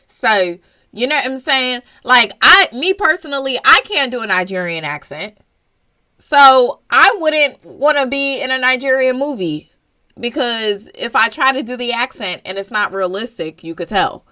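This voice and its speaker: A young American woman hosting her own show, giving a blunt, animated opinion monologue and swearing casually. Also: a little high, moderate pace. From United States. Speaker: show host.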